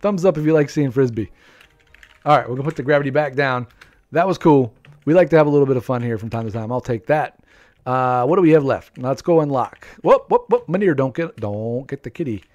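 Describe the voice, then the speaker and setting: A game streamer commentates live play for his viewers at a fairly quick clip, excitable and calling out to his players. He breaks into high shouts while keyboard typing clicks behind him.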